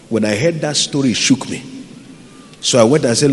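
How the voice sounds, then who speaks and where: A man's voice: mid-range voice, brisk, pauses often, a little hiss or hum. A man preaching a sermon as pastor, impassioned and calling out to his congregation. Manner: impassioned, rising and falling between loud pleas and quiet asides; calls out to the congregation. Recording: long reverb from a large hall.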